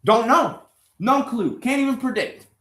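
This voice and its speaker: The man speaks at an extremely high pitch with lively intonation, a measured pace and a slightly bright tone, in a reverberant space. Wrenching on a motorbike, this vlogger rants to the camera, angry and sarcastic at the stubborn engine, swearing constantly and a bit short of breath.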